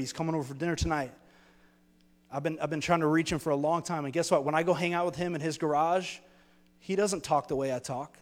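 A man's voice: fairly high pitch, long reverb tail. A man preaching a sermon as pastor, earnest and storytelling, building his points through repeated phrases.

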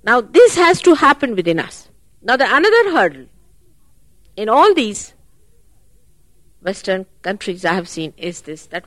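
A woman giving a spiritual talk at a public program, animated and full of rhetorical questions. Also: fairly high pitch, brisk, no room sound. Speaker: spiritual teacher.

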